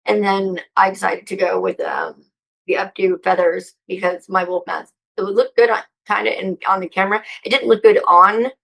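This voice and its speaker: Female interview guest, gravelly tone, excitable and profane, rambling delivery. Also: mid-range voice, moderate pace, poor audio. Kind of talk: casual interview chat.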